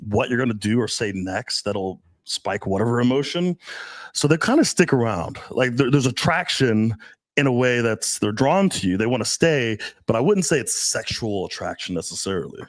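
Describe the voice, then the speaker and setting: A man's voice: mid-range voice, animated, normal speed. A man with a mid-range voice co-hosts a casual advice chat, thinking aloud and hedging his points as he goes. The recording is dry and close, with no reverb. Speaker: dating coach co-host.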